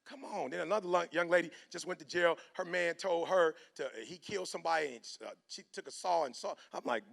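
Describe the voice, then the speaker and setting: Animated, gravelly-voiced male motivational preacher. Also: high voice, fairly quick, hardly any pauses. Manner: animated, acts out both sides of stories in quoted voices. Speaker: motivational speaker. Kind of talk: preacher-style motivational speech.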